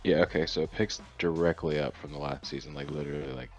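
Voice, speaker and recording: A young man with a very low voice co-hosts a casual podcast chat. He sounds laid-back and joking, and faint music plays quietly under him. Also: steady tone, quick pace. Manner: laid-back, joking, drops into mock impressions. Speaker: podcast co-host.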